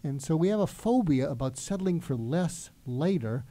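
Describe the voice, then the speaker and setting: A man's voice: on the high side, expressive, moderate pace, warm tone, dry recording. A middle-aged man, a doctor guest on a talk show, telling a reflective anecdote with frequent fillers.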